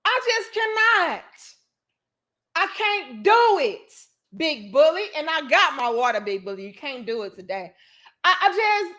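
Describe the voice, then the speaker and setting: A woman's voice: very high voice, animated, measured pace, bright, forceful tone. A woman hosting a livestream, ranting in a profane, emphatic and exasperated way while reading chat comments. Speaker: host.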